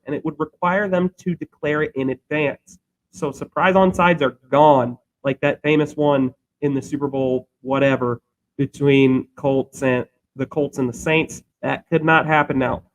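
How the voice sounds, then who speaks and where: A man's voice: fairly high pitch, poor audio. A young man co-hosting a podcast, explaining a rule change in a rambling, thinking-aloud way. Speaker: podcast co-host. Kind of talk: casual chat.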